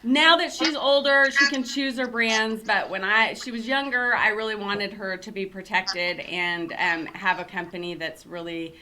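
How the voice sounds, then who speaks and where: A middle-aged woman hosts a casual talk show with a bright, forward tone. She talks in an upbeat, chatty way with plenty of fillers, at an ordinary pitch. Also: steady tone, normal speed, few pauses, slight background noise. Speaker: show host and company CEO.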